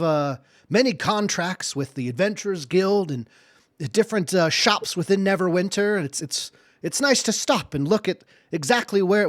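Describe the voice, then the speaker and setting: Game master, male, higher pitch, rambling, dry close mic. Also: expressive, moderate pace, dry recording. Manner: filler-heavy, rambling. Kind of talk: narrating a tabletop game.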